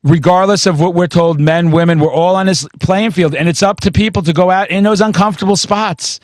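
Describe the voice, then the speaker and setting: Excitable, foul-mouthed man, high voice. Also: fairly quick, no echo. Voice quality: profane, excitable storyteller, swears constantly. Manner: bursts into shouting mid-story. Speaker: podcast host. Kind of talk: casual interview chat.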